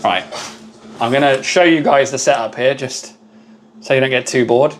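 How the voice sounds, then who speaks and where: A man's voice: mid-range voice, moderate pace, slight background noise. A British man hosting a casual live stream from his workshop, chatty and upbeat, thanking viewers by name. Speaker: livestream host.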